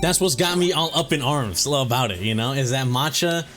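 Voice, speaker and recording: A man's voice: mid-range voice, normal speed, over music. A young man ranting casually to his viewers as a vlogger, exasperated and emphatic, swearing often and using slang.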